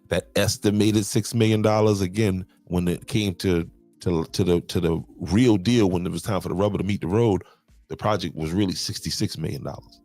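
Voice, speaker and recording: A man hosting a podcast explains local county finances to viewers, repeating words, restarting and checking in with "okay" often. His low voice is brisk and mellow, with faint music behind.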